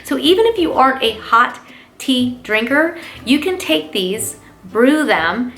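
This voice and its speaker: A woman hosting a lifestyle gift-guide vlog, gushing with enthusiasm and chatting warmly to her viewers. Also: sits high, sing-song, unhurried, soft background music. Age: adult parent. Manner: gushing and enthusiastic, lots of "oh my gosh"; warm, talks straight to viewers as "you guys". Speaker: lifestyle channel host.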